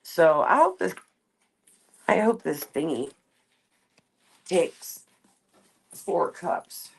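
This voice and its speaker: Woman streamer, unhurried and low-voiced, casual late-night chat at home, drifts off topic. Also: sing-song, creaky, breathy edge. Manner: rambling, talks to her cat in a higher voice. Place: home, kitchen.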